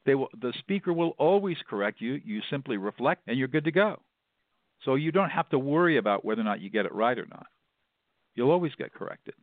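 Speaking fairly quickly and expressively in a medium-pitched voice, a mediator guest lays out his method with emphasis, frequently repeating words to drive points home. The recording is dry, with no room sound, and comes through a tinny, phone-like line.

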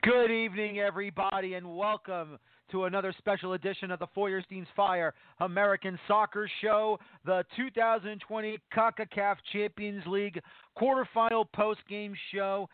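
A man hosting a soccer talk radio show, speaking with excited emphasis. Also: high voice, normal speed, no room sound. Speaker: podcast host. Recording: tinny phone-line sound.

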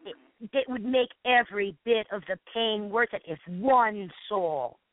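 A woman's voice: mid-range voice, dry recording. A woman from Massachusetts giving a fervent personal testimony as a guest panelist and reading scripture aloud, sometimes stumbling and restarting. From Massachusetts, USA. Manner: earnest, fervent, with halting restarts. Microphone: phone call. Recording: tinny phone line on internet radio.

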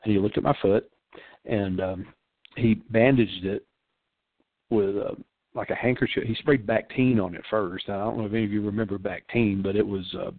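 An older man preaches in a low, gravelly voice, earnest and insistent, circling back to repeat his key phrases. He speaks as a pastor giving a radio talk. The sound is thin and phone-like, with no room around it. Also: steady tone, normal speed, no room sound. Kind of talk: spoken sermon-style radio talk. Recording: phone-like dry line.

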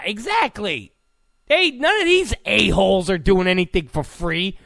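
High-pitched, gravelly sarcastic man ranting. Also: fairly bright tone, dry recording, studio quality. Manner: sarcastic, mocking, blunt. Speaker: political commentator. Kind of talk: ranting political commentary.

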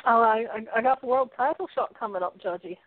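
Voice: medium pitch, fast talker, no room sound, close to an everyday voice. A caller voicing a brash young woman wrestler with a sing-song manner who keeps calling people lad, heard over a phone line. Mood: cheeky. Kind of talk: call-in banter in character. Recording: tinny phone line, dry.

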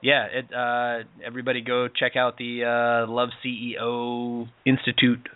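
A man's voice: medium pitch, completely flat delivery, a little slow, smooth. A man co-hosting a radio show about dating, chatting in a laid-back, slangy, rambling way. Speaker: radio co-host. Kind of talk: casual chat. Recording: phone-like narrow sound.

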